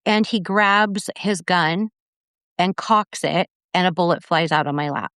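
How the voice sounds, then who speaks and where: Earnest middle-aged woman, smooth low voice. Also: measured pace, a bit bright, no room sound, studio quality. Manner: earnest, retelling events with quoted dialogue. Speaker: podcast guest, mother. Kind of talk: personal storytelling in an interview.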